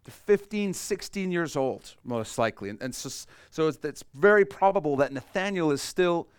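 Smooth-voiced man preaching conversationally. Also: on the high side, lively intonation, normal speed, no echo, clean studio sound. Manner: conversational preaching with quotes acted out. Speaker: pastor. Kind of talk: sermon.

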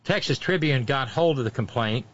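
A man's voice: medium pitch, animated, moderate pace, a bit bright, muffled recording. A man hosting casual political commentary, sardonic and mocking, with frequent asides.

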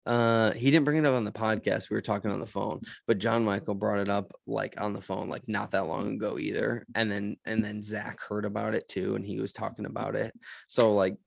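A man in casual podcast chat, a pastor and co-host telling animated stories and laughing often. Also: lowish voice, a little fast, creaky, no echo.

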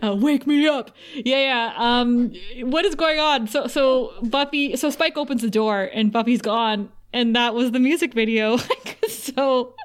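A woman's voice: a little high, smooth. Woman casually recapping scenes. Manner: recaps scenes with quick quoted lines and frequent laughs. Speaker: podcast co-host.

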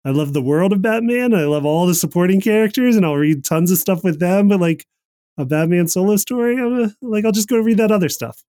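A man with a slightly high voice talks loosely and meanderingly, leaning on "like" as he thinks aloud. He breaks into small laughs along the way. The recording is close and dry. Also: brisk, warm tone, no echo. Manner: rambling, frequent "like", laughs often. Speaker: podcast co-host. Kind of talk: casual chat.

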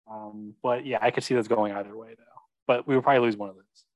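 A man's voice: on the low side, steady tone, brisk, no room sound, low-quality recording. A young man chatting about football, agreeable and hesitant, full of ums and yeahs. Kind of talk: casual sports chat.

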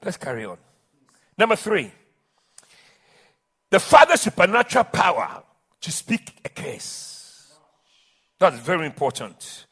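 Male pastor, husky timbre, lively swooping delivery, impassioned sermon. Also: high-pitched, a little slow, long pauses. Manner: emphatic, impassioned preaching with restarts.

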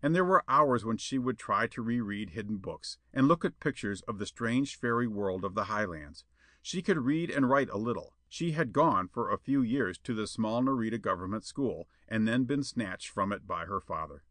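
Expressive male audiobook narrator. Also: on the low side, normal speed, no room sound. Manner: expressive, lively storytelling. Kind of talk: audiobook reading of a pulp adventure tale.

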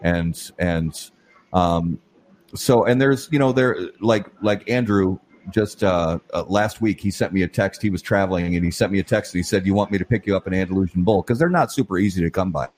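Deep-voiced easygoing male podcast host. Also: normal speed, darkish tone. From lives in Minnesota, not born there. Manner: easygoing, rambling with many fillers. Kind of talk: casual interview chat.

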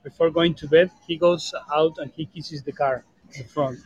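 Argentinian guy calling in from a bar, breathy voice, dry and muffled line, jokey. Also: on the high side, fairly even intonation, normal speed, dry recording. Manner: joking, teasing banter. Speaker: podcast co-host calling in. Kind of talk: casual chat.

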